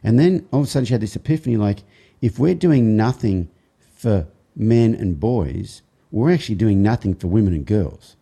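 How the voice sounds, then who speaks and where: A man's voice: fairly low pitch, animated, moderate pace, creaky, warm tone, breathy edge. A man hosting a podcast, joking and giggling as he asks his guest questions. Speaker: podcast host. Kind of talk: casual interview chat.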